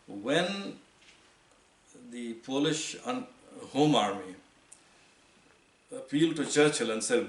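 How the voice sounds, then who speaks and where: A man giving a lecture-style history talk, deliberate, who spells out names letter by letter. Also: medium pitch, lively intonation. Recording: echoey room, mic far off.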